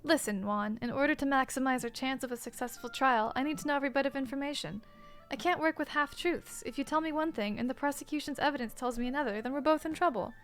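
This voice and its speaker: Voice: high voice, quick pace, fairly bright tone, faint music behind. A woman voicing a firm defense lawyer who speaks bluntly and without nonsense. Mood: stern.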